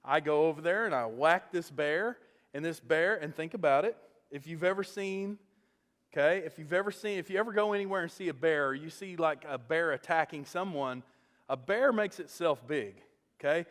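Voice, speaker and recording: A male pastor preaching a sermon, animated as he tells a story and often checking in with "okay?". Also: a little high, normal speed, in a large hall.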